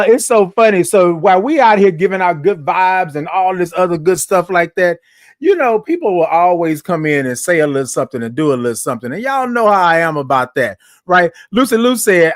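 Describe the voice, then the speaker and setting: High-voiced, exuberant livestream host. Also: male voice. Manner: exuberant, sings greetings, reads chat comments aloud. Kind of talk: casual motivational livestream chat.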